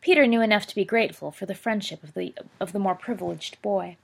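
A woman reading a story aloud in steady storytelling, with small slips. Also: mid-range voice, fast, gravelly, breathy edge. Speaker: reader. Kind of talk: reading fan fiction aloud.

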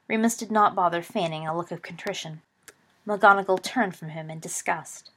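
Woman narrator, storybook reading, expressive. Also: fairly low pitch, moderate pace.

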